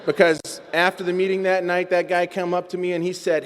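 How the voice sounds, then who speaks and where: A man's voice: high-pitched, a little fast, few pauses, a little hiss or hum. Man telling his story in a reverberant hall. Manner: animated, self-mocking storyteller who acts out quotes. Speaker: recovery meeting speaker. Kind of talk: personal recovery story told to a meeting. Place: meeting hall. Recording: long reverb from a large hall.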